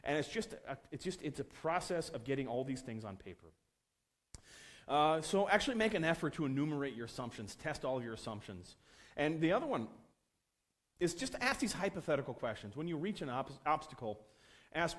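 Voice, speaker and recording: Animated storytelling male conference speaker. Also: medium pitch, a little fast. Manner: animated, acts out quotes with a swinging voice.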